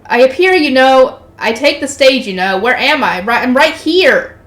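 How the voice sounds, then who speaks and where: A woman's voice: sits high, lively intonation, moderate pace, fairly bright tone. A woman voicing a perky young female guide with an odd, cutesy, sing-song way of talking. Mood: chirpy. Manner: chirpy, sing-song, teasing. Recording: roomy echo.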